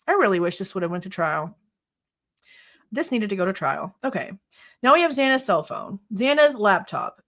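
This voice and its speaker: A woman's voice: a little high, a bit bright. A woman hosting a live true crime stream, reading court documents aloud and ranting in exasperation, swearing freely. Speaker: true crime livestream host.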